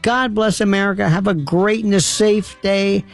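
A man's voice: high voice, steady tone, vocal fry, faint music behind. A man hosting a late-night call-in radio show, theatrical and effusive, bantering with callers and signing off. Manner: theatrical, effusive, quick asides. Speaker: radio talk show host.

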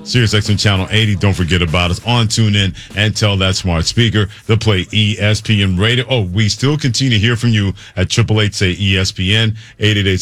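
A man hosting a sports talk radio show, speaking in a brisk, conversational way from a studio. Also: fairly low pitch, fairly bright tone, no echo. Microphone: studio mic.

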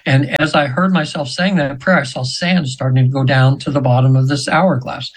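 A man's voice: mid-range voice, normal speed, slightly rough, low-quality recording. A man in his seventies, a radio show guest, telling a spiritual story in an earnest, meandering way with frequent restarts. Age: 70s.

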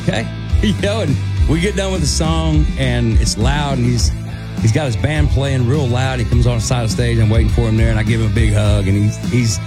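Male country singer, chatty storyteller, music bed playing under him. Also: fairly quick. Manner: animated, acts out quotes in a higher voice. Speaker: country singer, guest co-host. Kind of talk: casual storytelling.

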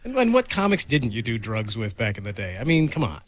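A man's voice: medium pitch, wildly swooping pitch, fairly quick, no echo. A man co-hosting a talk show, cutting in with matter-of-fact quips. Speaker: co-host. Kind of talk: casual banter.

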